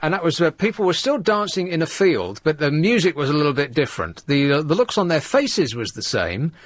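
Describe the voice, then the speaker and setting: A man's voice: fairly high pitch, sing-song, brisk, dry recording, soft background music. A man hosting a phone-in radio show, trading dry, sardonic banter with callers. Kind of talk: late-night phone-in chat. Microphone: studio microphone.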